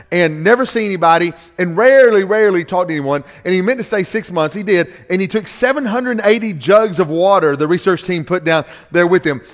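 A middle-aged man preaching a sermon from a church stage, emphatic and animated, repeating key phrases for effect. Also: on the high side. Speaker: pastor. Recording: long hall reverb from a church stage.

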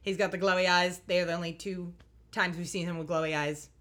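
A woman co-hosting a casual podcast, recapping a TV episode in a wry, animated way and acting out the characters' lines. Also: fairly low pitch, quick pace. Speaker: podcast co-host recapping a show. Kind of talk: casual chat.

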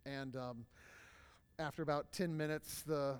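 A man's voice: fairly high pitch, fairly even intonation, measured pace, smooth. Man teaching a class in a reverberant hall. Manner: casual storytelling with many fillers. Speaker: workshop presenter. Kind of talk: live class talk to an audience. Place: hall with a live audience.

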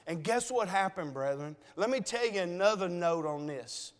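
A male preacher with a high voice shares a personal story in an emotional, conversational sermon. He keeps addressing the congregation as brethren. His words echo with a long reverb, as if he is in a large sanctuary. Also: expressive, normal speed, hardly any pauses, a bit bright.

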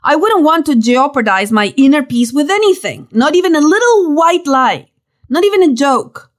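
A woman reading a personal story aloud, with lively storytelling and playful emphasis. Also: high voice, moderate pace. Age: young adult. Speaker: narrator.

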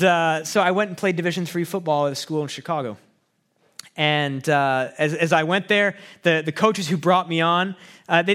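A man's voice: on the high side, a bit bright. A young man from Canada, a student pastor, telling a personal faith story in an earnest, conversational way with frequent fillers and restarts. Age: young adult. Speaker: pastoral student sharing testimony. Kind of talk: personal testimony talk.

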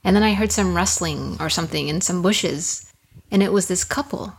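A woman's voice: lowish voice, moderate pace, slightly rough. A young woman on a podcast as a guest, telling a personal story in an earnest, candid way and often repeating her words.

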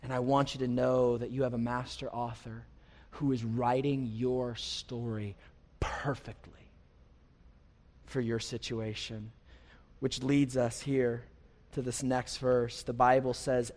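A man preaching a sermon as a pastor, conversational with light humor, swinging from quiet stretches to loud, rising passages. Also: mid-range voice, level tone, slow. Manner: preaching with wide swings in loudness, rising to near-shouts. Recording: long hall reverb.

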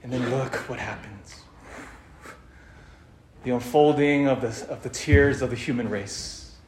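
A male preacher tells a story dramatically, dropping to near silence and then building up loud. His voice sits at an ordinary middle pitch. The sound echoes around the room. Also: unhurried, slight background noise. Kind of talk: sermon.

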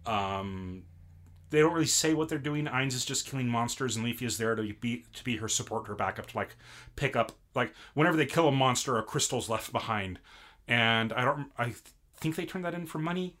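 A man's voice: mid-range voice, animated, a little fast, a bit bright. A man in casual chat recapping an anime episode, rambling with many fillers and restarts. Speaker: podcast co-host.

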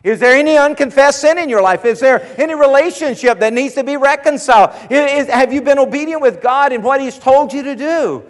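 Preaching quickly with few pauses, this pastor's strikingly high voice repeats key points and climbs toward passionate appeals. The recording rings with the long echo of what sounds like a church hall.

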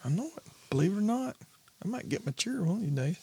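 A man's voice: high-pitched, very animated, fast talker, gravelly, dark tone, husky. A man co-hosting a podcast in casual chat, easygoing and self-deprecating. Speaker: podcast co-host.

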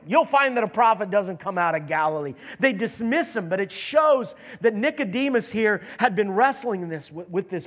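High-voiced male pastor preaching. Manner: animated, acts out Bible characters' lines. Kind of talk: sermon.

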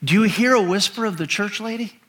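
A man's voice: sits high, a little fast, fairly bright tone. A man preaching a sermon as pastor, emphatic and asking the congregation rhetorical questions.

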